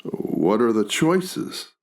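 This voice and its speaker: A man's voice: medium pitch, big pitch swings, very slow, pitched above the performer's own voice, heavily acted. A man reading a storybook, voicing a young man who is charming but can sneer and tease. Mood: coaxing. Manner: teasing, sneering at times. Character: young man, charming yet sharp-tongued.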